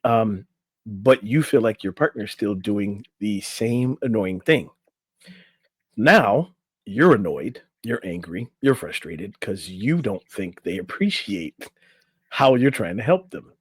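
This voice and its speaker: A man's voice: lowish voice, expressive, slow pace, breathy edge, no echo. A man co-hosting a relationship coaching podcast, talking loosely and reading from an article with his own asides. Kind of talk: casual podcast chat. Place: in a room on camera.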